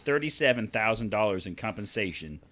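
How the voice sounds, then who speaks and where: A man with a rural American accent hosts a crude, casual podcast. His voice sits a little low but has a bright, forceful edge. He reads odd news stories aloud and laughs often as he quizzes his co-hosts. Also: lively intonation, brisk. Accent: rural American (self-described redneck). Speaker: podcast host reading the news.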